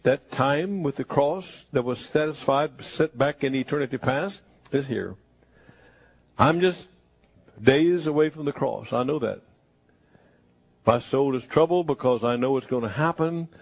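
Husky preacher guy, a bit high-voiced, slow hushed bits then loud punchy ones, dry close sound. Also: no echo. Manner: preaches in a voice-of-Jesus first person, swinging between hushed and emphatic. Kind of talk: sermon.

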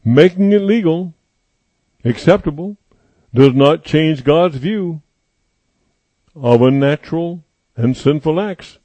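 A male preacher delivering a sermon, repeating his points slowly and with emphasis. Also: on the high side, expressive, warm tone, dry recording. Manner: slow emphatic repetition, declaring.

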